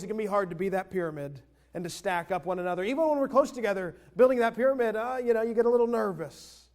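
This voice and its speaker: A male pastor preaching a sermon earnestly, leading the congregation in repeating phrases. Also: high voice. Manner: earnest, leads the congregation in call-and-response.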